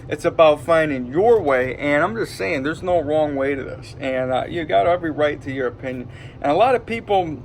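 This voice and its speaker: Man, Detroit accent, rambling, hyped-up, lots of fillers, fairly high voice. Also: a little hiss or hum. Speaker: vlogger. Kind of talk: rambling casual monologue. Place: indoors at home.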